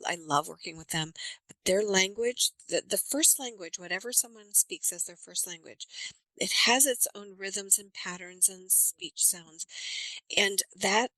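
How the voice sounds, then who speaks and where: A woman speaking as an accent coach in a podcast interview, with a bright, forward voice. She explains eagerly and uses examples. The sound is dry and close. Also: mid-range voice, a little slow, no room sound, poor audio. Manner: animated storyteller, explains with examples.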